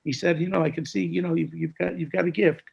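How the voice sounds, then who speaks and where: Gravelly-voiced man in his sixties. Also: fairly high pitch, fairly even intonation, quick pace, lo-fi sound. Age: 60s. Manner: gravelly, hushed when quoting others, scats melodies. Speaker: jazz saxophonist telling stories. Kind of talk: conversational storytelling.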